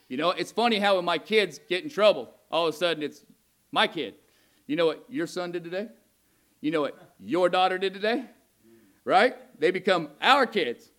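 A male pastor preaching a sermon, asking the congregation questions and reading scripture aloud, growing heated and loud at its peaks. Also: high-pitched. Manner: grows loud and heated when voicing God's anger.

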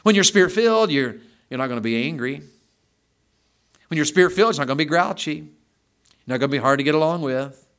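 A man's voice: a little high, animated, quick pace, long pauses, a bit bright. A man with a Southern American accent preaching a sermon in church, asking his congregation questions and rising into emphatic bursts. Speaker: pastor.

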